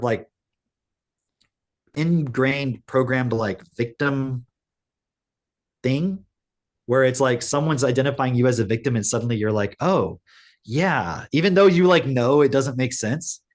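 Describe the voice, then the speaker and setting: A man co-hosting a podcast, retelling a story in casual chat, rambling and filling every pause with "like". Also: mid-range voice. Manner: rambling storytelling, heavy use of "like". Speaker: podcast co-host.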